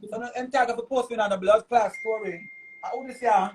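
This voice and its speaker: A man with a Jamaican accent ranting loudly on a live stream, cursing and repeating himself. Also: high-pitched, fairly even intonation, fairly quick, a little hiss or hum. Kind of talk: heated live-stream rant.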